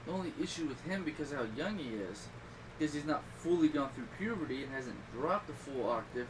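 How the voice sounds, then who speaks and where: A middle-aged man hosting a podcast, chatting casually and telling rambling stories with sudden loud bursts. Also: a little high, brisk, far from the mic. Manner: rambling, animated storytelling with loud outbursts. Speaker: podcast host. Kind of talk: casual chat. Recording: voice a little off-mic with clear background noise.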